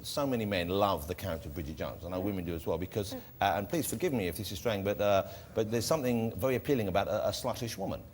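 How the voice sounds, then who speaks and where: A man's voice: on the low side, lively intonation, fast talker, few pauses. A man hosting a chat show interview. He talks playfully and stammers, laughing often. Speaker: talk show host. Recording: loud studio audience and noise.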